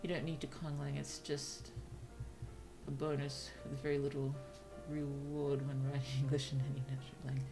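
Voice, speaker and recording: Australian woman streamer, low, gravelly voice, chatty and laughing, faint music behind. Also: level tone, normal speed. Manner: musing, chatty, laughs often. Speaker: streamer and writer. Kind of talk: casual livestream chat.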